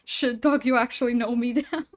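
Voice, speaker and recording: A woman livestreaming, chatting casually with viewers and reading a horror story aloud, lively and quick to swear and laugh. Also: on the high side.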